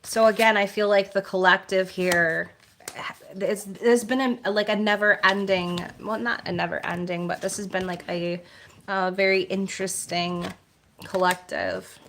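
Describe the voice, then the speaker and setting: A woman speaks slowly and softly as she reads oracle card messages in a gentle, measured tone. She drifts into loose, rambling chat with her live viewers, full of filler words and restarts. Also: mid-range voice, slight background noise. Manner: slow, soft-spoken, meandering with filler words.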